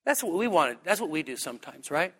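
High, bright-voiced pastor in a reverberant hall. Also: male voice, fast talker, breathy edge. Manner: animated, humorous, rising to high emphatic peaks. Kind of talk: sermon. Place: church sanctuary. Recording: long reverb of a church hall.

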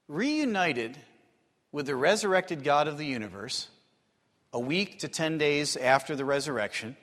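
A man preaching a sermon, telling stories and acting out the people in them, building to excited, animated stretches. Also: fairly high pitch. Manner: storytelling, acts out quotes, rises to excited bursts. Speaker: pastor. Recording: long hall reverb.

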